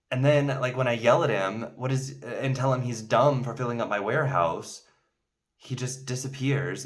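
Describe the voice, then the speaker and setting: A man's voice: on the low side, a bit bright. A man casually telling a made-up story to camera, rambling with many fillers and restarts. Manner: acts out indignant outbursts in the story. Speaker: video host telling a story.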